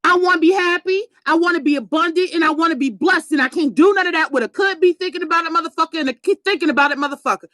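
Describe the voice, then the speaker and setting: A woman giving a blunt, profane motivational rant on a live stream, preaching and often shouting for emphasis. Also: very high-pitched, dry recording.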